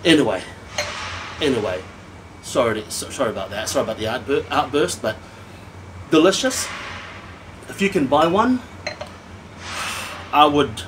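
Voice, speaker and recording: A man of ordinary pitch, a little tipsy, talks through a whisky tasting. He slides from quiet appreciation into animated rants, swearing freely. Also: moderate pace, long pauses, background noise. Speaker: whisky reviewer. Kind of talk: casual tasting review.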